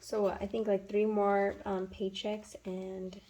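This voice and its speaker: A woman's voice: medium pitch, little pitch movement, measured pace, dark tone, slight background noise, low-quality recording. A woman in her twenties chatting casually while counting cash for a budgeting vlog. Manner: chatty, counts bills aloud, filler-heavy. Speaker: budgeting vlogger.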